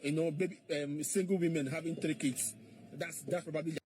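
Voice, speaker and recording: A man's voice: on the high side, fairly even intonation, fairly quick, a little mellow, slight background noise. A man in a played clip, mockingly repeating questions in an argumentative monologue.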